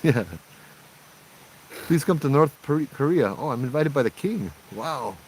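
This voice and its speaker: A young man with a Hawaiian accent runs a casual outdoor livestream at night, bantering and reading out chat comments. He speaks at a fairly high pitch, animated and at normal speed. The sound quality is poor, with a little hiss or hum.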